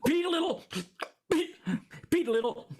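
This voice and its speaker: A man's voice: very high voice, moderate pace. A man improviser playing a pleading, stammering brother in a comedy scene.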